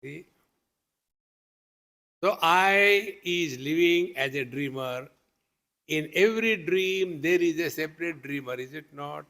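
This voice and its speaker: A man's voice: a little high, takes it slowly, creaky, pauses often, sharp tone. A man who is a swami teaching at a meditation retreat, giving a patient spiritual discourse with homely examples, questions to the listeners and light humor.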